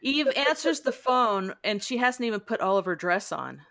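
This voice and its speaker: A woman's voice: fairly high pitch, very animated, normal speed, creaky, a bit bright. A woman hosting a casual book club podcast. She chats, reads passages aloud and laughs often. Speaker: podcast host.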